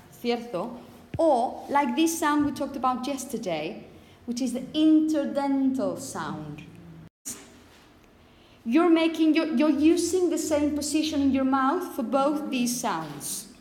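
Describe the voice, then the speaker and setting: A phonetics teacher whose voice sits high lectures in an echoey classroom, captured with long reverb and a faint hiss. She explains slowly, with many repetitions and frequent "okay?" checks.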